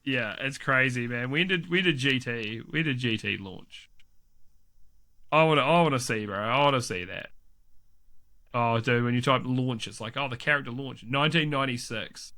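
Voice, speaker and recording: Man, bright forceful voice, rambling podcast banter, swears and laughs a lot. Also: medium pitch, normal speed. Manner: swears freely, laughs often, rambling restarts. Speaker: podcast co-host. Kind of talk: casual chat.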